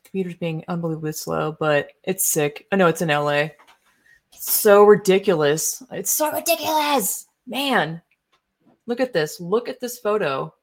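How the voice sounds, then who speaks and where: A young woman with a somewhat low voice rants through online posts in loose, off-the-cuff commentary. She sounds indignant and swears freely, trailing off into fillers and restarts as she goes. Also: moderate pace. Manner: indignant, profane, rambling with fillers. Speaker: political commentary streamer. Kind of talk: casual ranting commentary while browsing posts.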